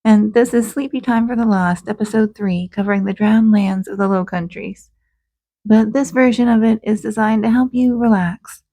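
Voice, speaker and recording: A woman hosting and narrating a calm bedtime story in a gentle, soothing way, over dull audio with faint music. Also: mid-range voice, moderate pace. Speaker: host and narrator.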